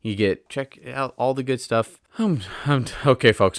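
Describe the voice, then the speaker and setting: A tired man hosting his own podcast in a casual, rambling way, often breaking off mid-sentence and then rushing ahead in sudden bursts. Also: mid-range voice, no room sound, clean studio sound. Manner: rambling, self-interrupting, with bursts of hurried excitement. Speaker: podcast host. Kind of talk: casual solo podcast talk. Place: at home on a couch.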